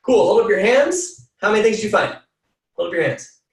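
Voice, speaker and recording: A man giving an energetic motivational coaching talk, repeating phrases for emphasis. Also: high-pitched, a little fast, roomy sound, far from the mic. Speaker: team call speaker.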